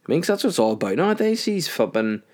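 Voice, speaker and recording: A man's voice: fairly high pitch, very animated, fast talker, darkish tone. A man in his thirties with a Northern Irish accent, ranting casually on his solo podcast, profane and rambling. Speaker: podcast host.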